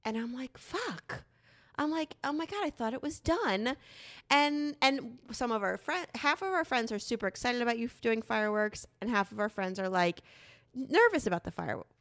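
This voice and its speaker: Animated woman telling a story. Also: on the high side, brisk. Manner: animated storytelling, frequent swearing. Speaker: podcast co-host. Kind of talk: casual chat.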